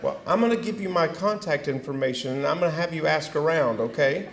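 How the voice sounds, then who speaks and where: A man's voice: fairly high pitch, a little fast. A middle-aged man with a rural Texas accent giving a keynote speech, folksy and self-deprecating, with lots of fillers and restarts. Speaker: keynote speaker. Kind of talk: keynote speech with audience banter. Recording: echoey hall with faint noise.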